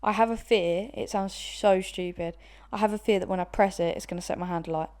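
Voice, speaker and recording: A woman's voice: mid-range voice, fairly even intonation, brisk, a little mellow. A young woman in her twenties co-hosting a podcast, chatting casually and laughing often, with plenty of swearing. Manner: laughs a lot, swears freely. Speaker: podcast co-host. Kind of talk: casual chat.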